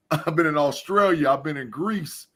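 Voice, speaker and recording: A man's voice: fairly high pitch, unhurried, a bit bright. A man, a guest on a remote call, talking emphatically in casual chat and chuckling as he repeats phrases.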